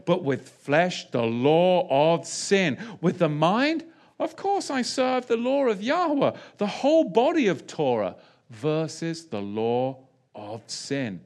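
This is sermon teaching from a man going verse by verse. Expect wide pitch swings, an animated style, rhetorical questions aimed at listeners, and deliberate pauses on key phrases.

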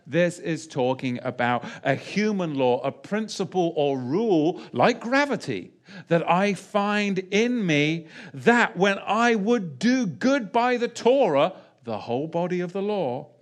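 A man preaching a verse-by-verse sermon, asking his listeners rhetorical questions and pausing on key phrases. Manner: animated, pitch swings widely, asks the audience rhetorical questions. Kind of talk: sermon teaching.

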